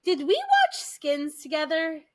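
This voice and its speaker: A woman's voice: very high-pitched, wildly swooping pitch, measured pace. A young woman co-hosting a podcast, chatting casually and retelling scenes with playful impressions. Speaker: podcast co-host. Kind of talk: casual chat.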